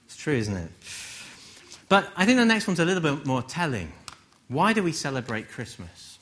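Lively English man giving a sermon. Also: on the high side, normal speed, slight background noise. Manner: conversational, gently humorous, rhetorical questions. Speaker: preacher.

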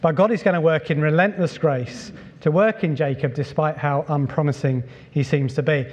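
A middle-aged man preaching a sermon as pastor, relaxed and conversational, with many fillers and repeats. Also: on the high side, normal speed. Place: church hall. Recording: long reverb from a large hall.

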